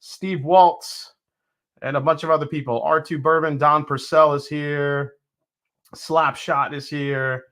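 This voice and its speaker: A man's voice: on the high side, fairly even intonation, takes it slowly, a bit bright. A man hosting a live stream, from New York, chatting casually and greeting viewers one by one. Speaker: host.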